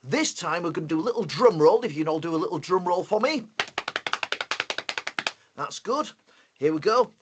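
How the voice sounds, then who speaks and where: Excitable Yorkshire man teaching kids. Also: sits high, normal speed, long pauses, very noisy. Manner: playful and excitable. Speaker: presenter teaching primary schools. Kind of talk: live online lesson for children.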